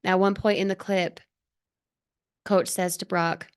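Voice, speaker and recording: A woman's voice: on the low side, little pitch movement, a little slow, clean tone. A woman leading a live motivational training for her team, speaking earnestly and emphatically with lots of rhetorical questions. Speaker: team leader.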